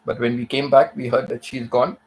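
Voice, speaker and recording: Soft-toned man telling an emotional story. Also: mid-range voice, level tone, a little fast, breathy edge, rough recording. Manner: emotional, repeats himself, fills with "you know". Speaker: live streamer telling a personal story. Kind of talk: casual storytelling on a live stream.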